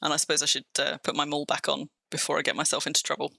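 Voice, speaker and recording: A woman's voice: low voice, monotone, racing, creaky, sharp tone, slight background noise. A woman with a southern English accent, chatting casually on a live stream while she plays, rambling and restarting her sentences. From England.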